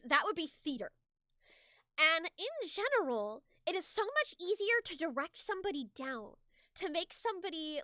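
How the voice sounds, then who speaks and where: A woman streamer giving casual advice on voice acting, chatty and animated with many restarts and repeated words. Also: sits high, no echo, clean studio sound. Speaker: streamer and hobbyist voice actor.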